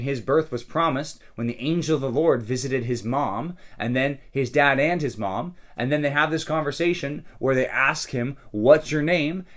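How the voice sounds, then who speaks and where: A man's voice: medium pitch, a bit bright. Casual man explaining a Bible reading. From California. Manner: conversational, explains with checks like "okay?" and "right?". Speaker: pastor.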